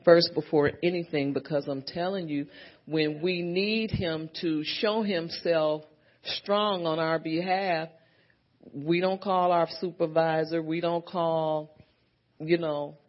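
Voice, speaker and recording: Slow-preaching woman on a dull recording. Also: deep voice. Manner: preaching with frequent amens and hallelujahs; repeats and builds phrases. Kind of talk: sermon.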